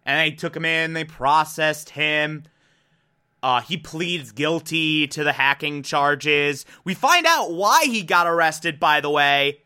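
A young man hosting a casual show, recapping an episode in an animated, emotional way with free swearing and loud rants. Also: fairly high pitch, slow, smooth. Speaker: podcast host recapping a TV episode.

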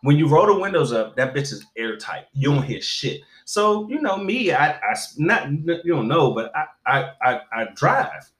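Man telling a story in casual conversation: animated, profane, stammering restarts, echoey room. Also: fairly high pitch, moderate pace, hardly any pauses.

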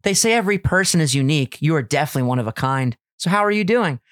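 A man's voice: fairly high pitch, animated, rapid-fire, natural voice. A man voicing a cute, eager young female AI girlfriend chatbot. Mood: sweet. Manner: sweet, upbeat, eager.

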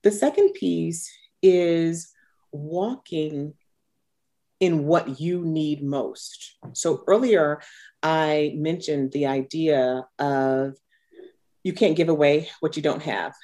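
Low-voiced earnest woman coach. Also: dark tone. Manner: earnest, unhurried, speaks with conviction. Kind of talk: podcast interview, reflective.

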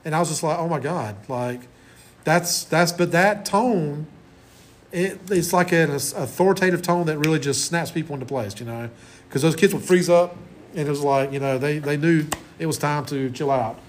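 A man's voice: a little high, normal speed, a little hiss or hum. Rambling middle-aged male lecturer. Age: 40s. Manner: conversational, rambling with restarts. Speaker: college instructor. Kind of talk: classroom lecture. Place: classroom.

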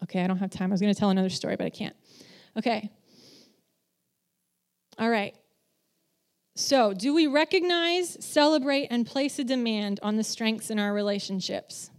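A woman whose voice is on the high side speaks at a moderate pace with long pauses. She works in children's ministry and gives a conversational sermon, candid, self-deprecating and animated, acting out the voices she quotes.

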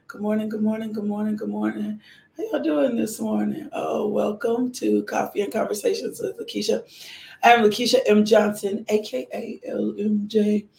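Hoarse, gravelly woman host, casual devotional prayer, echoey room. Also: medium pitch. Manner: warm, repetitive thanksgiving, greets viewers by name. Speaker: host of a morning devotional livestream.

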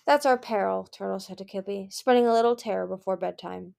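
Lady reading a book chapter out loud, bit of vocal fry, gets louder and higher on the dialogue. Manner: reads briskly, raising pitch and volume for dialogue. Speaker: fan reader of a novel. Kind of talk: audiobook-style chapter reading with character voices.

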